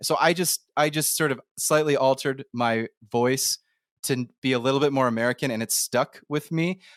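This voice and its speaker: A man from Canada hosting a casual podcast interview, talking in an animated, storytelling way with quick asides. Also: medium pitch, no echo, clean studio sound. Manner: animated, storytelling, slips into playful impressions. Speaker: podcast host.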